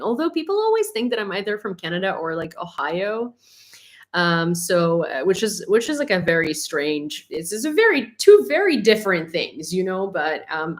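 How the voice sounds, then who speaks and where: A woman from Ukraine hosting a live stream, chatting casually with viewers in a rambling, laughing way. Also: mid-range voice. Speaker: livestream host.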